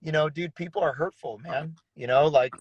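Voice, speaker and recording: A man's voice: a little high, normal speed, slightly rough, no room sound, lo-fi sound. A man who is a pastor, sharing an earnest personal testimony in a casual, slangy conversation. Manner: earnest, casual, uses slang like bro and dude.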